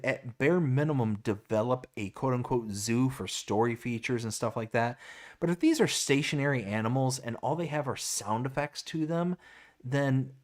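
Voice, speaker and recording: A man co-hosting a casual live stream, stammering and exasperated as he reacts and reads chat comments aloud. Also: mid-range voice. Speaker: livestream co-host.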